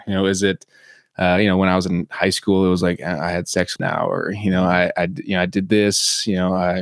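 A man's voice: sits low, flat delivery, a little fast, vocal fry, no room sound, studio quality. A man co-hosting a podcast, thinking aloud in a reflective, searching way. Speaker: podcast co-host. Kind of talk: casual podcast chat.

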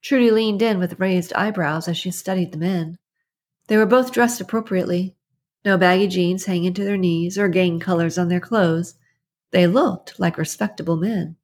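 A woman narrating an audiobook in a steady, even storytelling manner. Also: on the low side, normal speed. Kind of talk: scripted narration.

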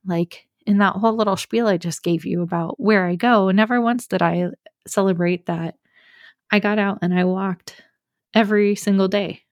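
A young adult woman talks openly about her own struggles in a solo podcast, rambling a little with fillers. Her voice has a frequent gravelly fry. She sits close to the mic in a dry, dead room. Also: medium pitch, fairly even intonation, normal speed, dry recording. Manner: candid, confessional, many fillers. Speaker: podcast host. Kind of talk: personal solo podcast talk.

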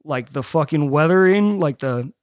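A man from Nebraska telling a story on a casual podcast, profane and animated as he acts out what people said. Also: on the high side, moderate pace, dry recording, clean studio sound. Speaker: podcast host.

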